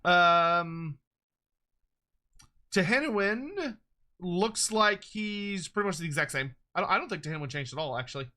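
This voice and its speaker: Excitable bright-voiced streamer man. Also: sits high, unhurried. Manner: excitable, laughing, swearing. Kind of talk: casual reaction stream.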